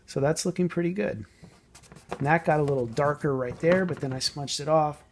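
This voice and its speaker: A man casually explaining a painting technique as he works, thinking aloud and sometimes trailing off softly. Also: a little high, fairly quick, slight background noise. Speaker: model painting tutor. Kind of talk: casual hands-on painting tutorial.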